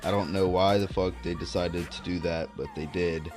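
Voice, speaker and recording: A man's voice: low voice, normal speed, over music. A young man vlogging a casual story, rambling and swearing freely as he tells it. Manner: rambling, profane, animated storytelling.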